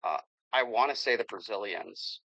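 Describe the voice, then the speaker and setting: A man co-hosting a casual podcast, laughing easily and talking in quick bursts. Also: lowish voice, pushed and bright, dry recording, rough recording. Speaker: podcast co-host.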